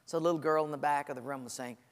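A man's voice: a little high, fairly even intonation, very fast, clean tone, big-room sound. A man preaching a sermon, telling stories with humor and acting out the voices of people praying and complaining. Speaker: pastor.

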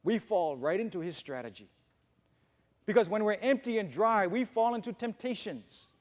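High-voiced pastor preaching in a reverberant church. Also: male voice, lively intonation, moderate pace. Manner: conversational, asks the congregation questions. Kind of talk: sermon. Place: church auditorium. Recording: long reverb of a church hall.

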